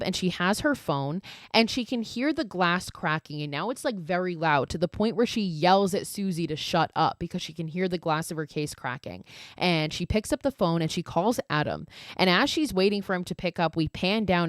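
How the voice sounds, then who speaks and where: Podcast host, woman, lowish voice, dry close sound, swears a lot, says like constantly. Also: no room sound. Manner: profane, exasperated asides; fillers of "like" throughout. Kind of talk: casual film recap.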